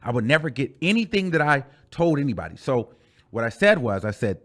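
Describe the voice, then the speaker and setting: A man telling a storytime rant on his channel in a chatty, animated way, calling the listener "girl" and repeating phrases for emphasis. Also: on the high side, a little fast. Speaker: YouTuber.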